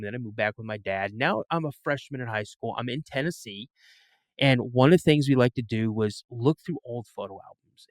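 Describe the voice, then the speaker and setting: A middle-aged man telling personal stories as a podcast guest, animated and full of restarts and fillers. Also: medium pitch, no room sound. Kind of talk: casual storytelling in an interview.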